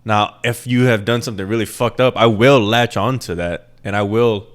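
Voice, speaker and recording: Young male podcast host, flat Midwestern accent, slightly low voice, loose rambling delivery with plenty of swearing. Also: normal speed. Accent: plain Midwestern American. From American Midwest. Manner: rambling, self-deprecating, swears freely. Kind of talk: casual solo podcast chat.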